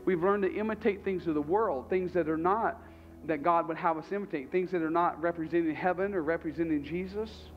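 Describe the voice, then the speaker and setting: Animated high-voiced preaching man. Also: a little fast, dull audio, soft background music. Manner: conversational, animated, repeats phrases. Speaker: pastor. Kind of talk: sermon.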